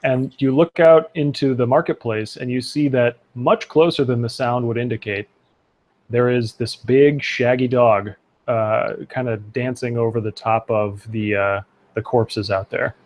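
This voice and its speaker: A man's voice: mid-range voice, steady tone, a little slow, a little mellow. A man narrating a tabletop role-playing game as game master, loose and chatty, with fillers and laughs.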